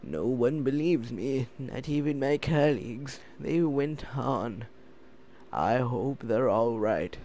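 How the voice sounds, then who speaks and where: A man's voice: medium pitch, slow pace, mellow, slight background noise. A man voicing a worried male scientist who warns of danger, in an earnest, solemn reading. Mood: anxious.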